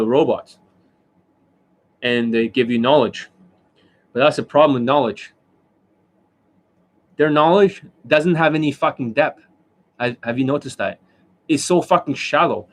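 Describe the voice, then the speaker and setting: A man ranting as a dating coach on a livestream, profane and mocking, who keeps demonstrating and asking whether you see it. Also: a little high. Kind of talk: livestream rant.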